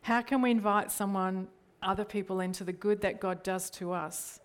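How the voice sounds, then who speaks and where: At a moderate pace and with fairly even intonation, a middle-aged Australian woman preaches earnestly as a church leader, her pitch ordinary for a woman. She often checks in with the congregation through rhetorical questions.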